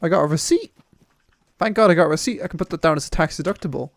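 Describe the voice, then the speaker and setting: A man narrates his gameplay with a joking, rambling manner. His voice sits a little high with a gravelly crackle. The sound is close and dry with no room around it. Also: fast talker, no echo. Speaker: gaming channel host. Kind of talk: gameplay commentary with friends.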